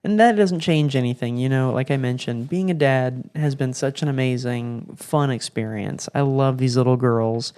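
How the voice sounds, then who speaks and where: A young man hosting a podcast, telling rambling stories in a relaxed, slangy way. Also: mid-range voice, moderate pace, few pauses, clear, resonant tone. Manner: laid-back, rambling, slangy with lots of "like" and "bro". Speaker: podcast host. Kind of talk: casual storytelling monologue.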